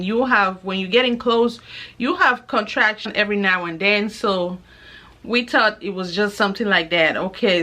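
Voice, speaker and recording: This young woman vlogs in a medium-pitched voice, sharing a personal story. She keeps it relaxed and lively, performing the voices of those she quotes.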